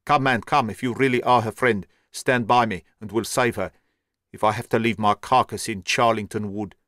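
Male reader playing a hot-tempered, desperate man shouting threats, dry and close. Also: fairly low pitch, fairly even intonation, normal speed, no room sound, close to an everyday voice. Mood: frantic. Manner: shouting, frantic.

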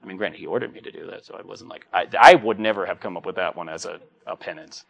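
A man's voice: sits low, quick pace, vocal fry, husky, lo-fi sound. A middle-aged man, a Catholic priest, giving a conversational homily full of joking anecdotes. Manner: anecdotal and joking, acts out quoted voices.

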